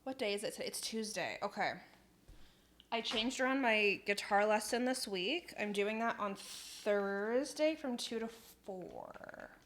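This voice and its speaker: A woman's voice: medium pitch, animated, a little slow, fairly bright tone. A young woman chatting casually on a live stream, reading out chat messages, laughing often and swearing in passing.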